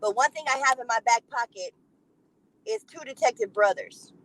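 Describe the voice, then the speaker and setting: A woman's voice: a little high, normal speed, a bit bright, poor audio. A woman vlogger telling a story to camera in a blunt, profane, emphatic way. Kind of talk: casual monologue to camera.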